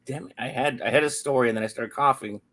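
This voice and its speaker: A man hosts a relaxed sports podcast in a playful, upbeat way, sharing news and drifting off mid-story. His voice sits at an ordinary mid pitch. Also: fast talker. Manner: upbeat, playful, loses his train of thought. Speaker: podcast host. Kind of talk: casual sports chat.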